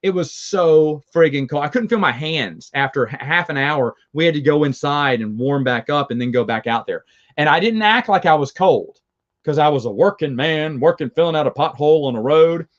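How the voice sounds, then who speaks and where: A man's voice: on the high side, lively intonation, moderate pace, muffled recording. A man with a Southern accent, hosting a review show and chatting casually with viewers, rambling and chuckling as he goes. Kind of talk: casual live chat with viewers.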